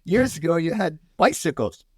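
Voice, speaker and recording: An American man, a podcast guest, chatting casually and telling animated stories full of restarts. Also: a little high, moderate pace, husky, dry recording, clean studio sound. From United States. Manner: animated storyteller, many restarts.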